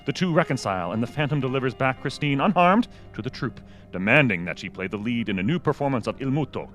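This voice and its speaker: A man co-hosting a film podcast, giving a measured critique with playful interjections. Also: mid-range voice, animated, a bit bright, faint music behind. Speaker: podcast co-host.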